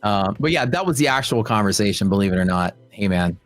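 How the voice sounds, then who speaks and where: A man's voice: fairly low pitch, fast talker, no room sound, faint music behind. Joking, storytelling man host on a stream. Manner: joking, animated storytelling with quoted voices. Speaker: livestream host. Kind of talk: casual chat with live chat.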